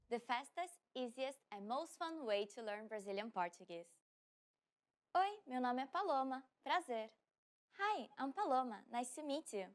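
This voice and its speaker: Woman, language teacher and host, scripted beginner lesson, friendly, slows for repetitions, high voice. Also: expressive, soft background music.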